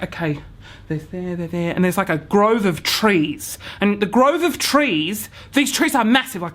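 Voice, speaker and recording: A young man tells a funny story to the camera in a vlog, acting out his own panic through hushed whispers, swearing and sudden shouts. His voice sits high.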